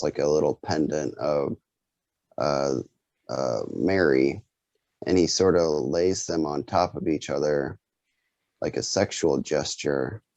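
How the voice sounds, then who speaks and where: A man's voice: rumbling low, a little mellow, no room sound. A man casually recounting a story in a loose way with fillers, over dry, dull video call audio. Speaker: group member telling a dream.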